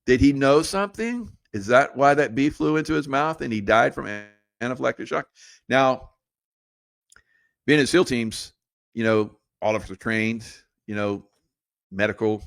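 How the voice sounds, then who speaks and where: A man's voice: medium pitch, normal speed, gravelly, no room sound, studio quality. A middle-aged man telling a casual, rambling story with a conspiratorial edge and frequent laughs. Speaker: podcast host.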